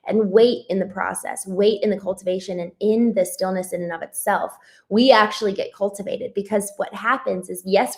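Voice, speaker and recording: A woman hosting a live spiritual study stream, reflecting and greeting viewers from the chat in a casual, rambling way. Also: medium pitch. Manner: warm greetings to viewers, frequent ums and restarts.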